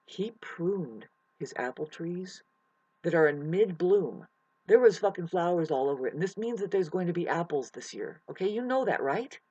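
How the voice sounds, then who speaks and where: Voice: medium pitch, expressive, moderate pace, darkish tone, breathy edge, no echo, muffled recording. A vlogger ranting emotionally to camera outdoors in the mountains, swearing and rambling. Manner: emotional, profane, restless.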